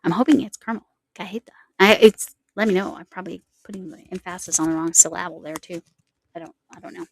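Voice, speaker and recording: A crochet vlogger with a lowish voice talks fast to the camera. She chats in a rambling, self-correcting way while showing off snacks and yarn.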